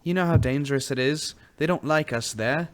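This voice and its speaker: A man's voice: on the high side, a little fast, slight background noise, voice pushed up, lightly acted. A man doing a stammering timid young man. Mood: pleading. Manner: stammering, pleading. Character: timid nervous young man pleading with his mother.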